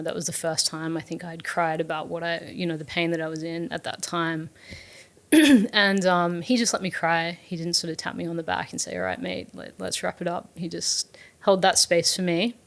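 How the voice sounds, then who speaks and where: Aussie woman, low and a bit gravelly, earnest storytelling as a guest, lots of ums and restarts. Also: fairly even intonation, moderate pace. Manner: earnest and open, with frequent fillers and restarts. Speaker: guest, startup founder. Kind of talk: reflective storytelling in an interview.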